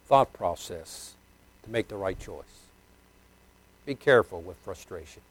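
An older man preaching a sermon, swinging from loud, emphatic bursts to quiet, low asides, chuckling and asking his congregation questions. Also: lively intonation, measured pace, pauses often, no room sound.

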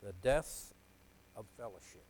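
An older man preaching a sermon, telling a personal story with deep emotion, dropping to a hush and then rising to loud emphasis. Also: lively intonation, measured pace, slight background noise, low-quality recording. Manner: emotional, confessional storytelling that swings from hushed to loud.

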